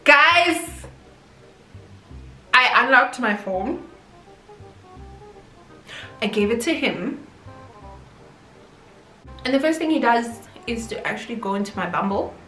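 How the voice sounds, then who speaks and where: Slow and full of long pauses, this young YouTuber's voice is a little high, bright and forceful, with lively intonation. She's from South Africa, speaks with its accent, and tells an expressive storytime vlog to viewers over faint music in an echoey room.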